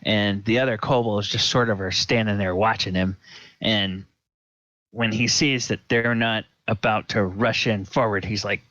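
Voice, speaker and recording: A man's voice: on the low side, steady tone, a little slow, sharp tone, dry recording, lo-fi sound. A man narrating a tabletop game as game master, hesitant and full of ums and restarts.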